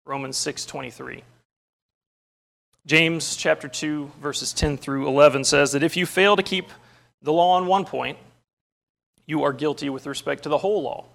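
A man's voice: a little high, fairly even intonation, moderate pace, gravelly, pauses often, a bit bright. A man preaching a sermon, opening with a story and moving into earnest, emphatic teaching with scripture quotes.

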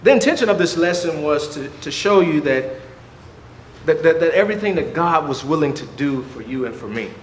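A man preaching a fervent sermon, firing rhetorical questions and stumbling into quick restarts. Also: a little high, expressive, roomy sound, a little hiss or hum.

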